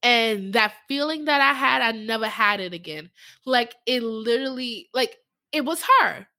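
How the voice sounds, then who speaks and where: Bright-voiced young woman telling a story. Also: a little high, normal speed, no echo. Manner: emotional, animated, acts out voices in her stories. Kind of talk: casual podcast storytelling.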